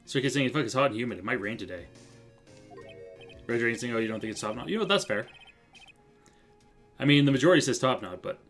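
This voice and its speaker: A man's voice: medium pitch, lively intonation, quick pace, long pauses, fairly bright tone, soft background music. A man streaming a video game, making offhand joking asides in casual commentary.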